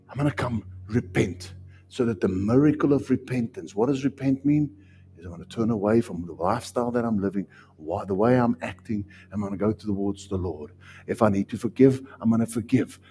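A man with a South African accent preaching a sermon as pastor, emphatic and repetitive, with sudden loud rises. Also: on the low side, slight background noise.

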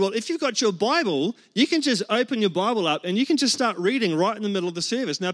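A man's voice: high voice, a bit bright. A man, preaching a humorous sermon and telling stories with acted-out quotes. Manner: joking, storytelling with acted-out quotes. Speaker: pastor.

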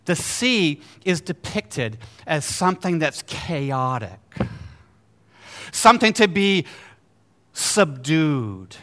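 A male preacher with a high, bright voice delivers a lively sermon. He swings from booming exclamations down to hushed storytelling. He keeps asking his congregation rhetorical questions. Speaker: pastor.

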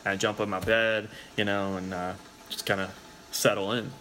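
A man's voice: lowish voice, flat delivery, normal speed, bright, forceful tone, a little hiss or hum. A man telling a long story in a rambling, casual way, swearing a lot and filling his talk with "like". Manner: rambling, profane, heavy use of filler "like".

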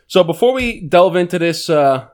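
A man's voice: sits high, lively intonation, moderate pace, smooth. Laid-back male podcast co-host. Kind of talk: casual chat.

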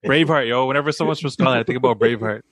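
Quick jokey podcast guy, talks fast, slangy, dry sound. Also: medium pitch, fairly bright tone, dry recording. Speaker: podcast co-host. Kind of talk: casual podcast chat.

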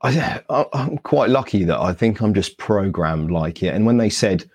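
Speaking at a normal pace in an expressive, husky voice on the low side, a British Paralympian guest shares his story in an interview. He animates it by acting out old conversations and poking fun at himself.

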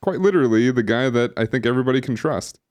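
A male co-host talks at a quick pace in a mid-range, darkish voice with lively intonation. His casual podcast chatter rambles, full of fillers and restarts, recorded on a streaming setup microphone.

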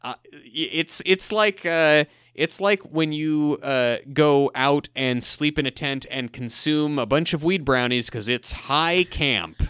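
A man's voice: on the high side, slow, few pauses, a bit bright, clean tone, no echo, clean studio sound. A man co-hosting a TV rewatch podcast, recapping scenes in a casual, wry and sarcastic way. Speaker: podcast co-host.

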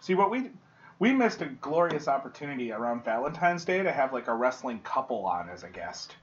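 A man co-hosting a casual podcast, animated and quick to laugh. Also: medium pitch. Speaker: podcast co-host. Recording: muffled lo-fi sound with background noise.

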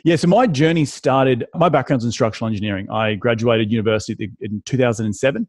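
A man's voice: medium pitch, fast, darkish tone, no room sound. An Australian man in his thirties, telling his story as a podcast guest in a casual, chatty way with frequent restarts.

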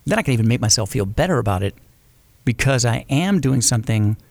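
Gravelly-voiced man, reflective and casual. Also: medium pitch, lively intonation, no room sound. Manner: reflective, frequent quick agreement. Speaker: podcast co-host. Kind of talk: casual conversation about creative work.

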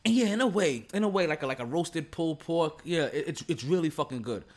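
A man's voice: a little high, lively intonation, a little fast. A man hosting a sports podcast in casual chat, rambling and repeating words, laughing often, recorded away from home at a relative's house. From Jamaica. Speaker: podcast host. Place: relative's home, not a studio.

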